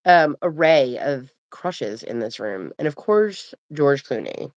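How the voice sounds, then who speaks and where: A woman's voice: extremely low pitch, expressive, slow pace, hardly any pauses, dry recording. A middle-aged woman hosting a casual live stream from home, rambling and sleepy, yawning between chatty remarks. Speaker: livestream host. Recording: dull, dry home mic.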